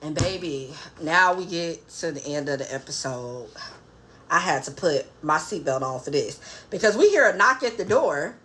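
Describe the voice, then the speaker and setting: A young adult woman giving a sassy, animated casual recap of a reality dating show, laughing and quoting the cast in asides. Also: low voice, moderate pace, slight background noise. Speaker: reality TV reviewer.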